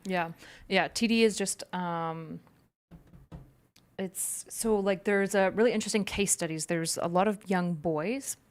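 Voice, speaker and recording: A young woman co-hosts a casual livestream chat, explaining clinical terms in a chatty way full of fillers. Her voice is lowish and unhurried.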